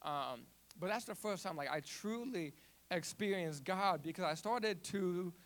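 Young man, stutter, animated testimony, higher-pitched voice. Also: unhurried. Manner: repeats and restarts words, animated storytelling. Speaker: youth ministry volunteer. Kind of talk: personal testimony.

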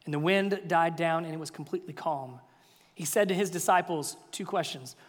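A male pastor preaching a sermon, swinging from hushed questions to loud, energetic passages. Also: fairly high pitch, brisk. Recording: long reverb of a large hall.

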